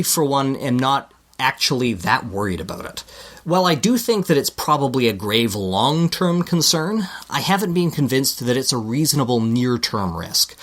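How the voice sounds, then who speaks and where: A man's voice: on the high side, a bit bright. A man with a Canadian accent, a podcast co-host reading a scripted segment with dry, self-deprecating asides.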